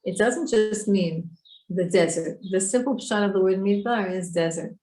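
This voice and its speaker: A woman's voice: mid-range voice, moderate pace, dark tone. Woman teaching a Torah class, echoey room. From Israel. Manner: explains Hebrew words, asks students questions.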